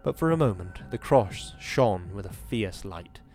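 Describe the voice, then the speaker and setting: A man hosting a podcast, giving a measured, dramatic reading of a horror novel and then chatting about it. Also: fairly low pitch, animated, darkish tone, faint music behind. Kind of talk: dramatic reading and casual commentary.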